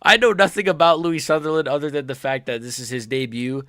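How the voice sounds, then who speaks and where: A man hosting a casual fight predictions vlog, excitable and jokey, swearing freely and correcting himself mid-sentence. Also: a little high, a little fast, no echo, clean studio sound. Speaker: MMA prediction channel host.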